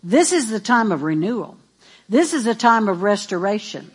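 A woman preaching a sermon in an animated, emphatic and playful way. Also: medium pitch, moderate pace, slightly rough.

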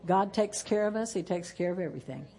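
A woman's voice: medium pitch, fast talker, dark tone. A woman pastor speaks to her church in a folksy way, dropping in praise interjections and ending with a chanted prayer. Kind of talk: church service talk and closing prayer.

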